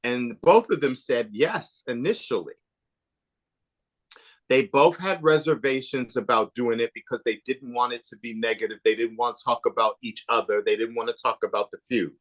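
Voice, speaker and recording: A man being interviewed on a podcast, telling behind-the-scenes stories in an animated, gossipy way, swinging between emphatic bursts and hushed asides. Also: medium pitch, moderate pace. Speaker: podcast guest, author and documentary maker. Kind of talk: casual interview chat.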